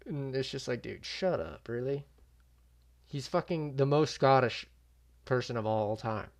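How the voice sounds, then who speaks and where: A man's voice: mid-range voice, a little slow, a little mellow. A young man giving casual, slangy reaction commentary, swearing freely and often trailing off mid-thought. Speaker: YouTube MMA commentator.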